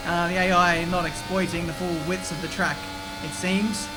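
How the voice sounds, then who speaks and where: Excitable man commentating a race game. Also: high-pitched, normal speed, background noise. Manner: chatty, excitable, swears mildly. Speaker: gaming video creator. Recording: game music behind voice.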